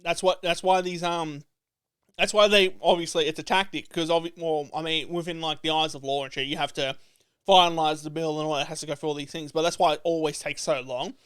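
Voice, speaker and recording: A man's voice: fairly high pitch, fairly even intonation, brisk, fairly bright tone, smooth, no echo. A young man co-hosting a podcast, chatting casually in a rambling, sweary way with lots of fillers. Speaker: podcast co-host. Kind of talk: casual chat.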